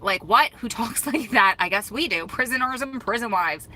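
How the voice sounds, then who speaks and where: With a fairly high pitch and moderate pace, this young American vlog host chats her way through a casual livestream, reading comments and telling lively stories. She laughs frequently, and the recording sounds rough.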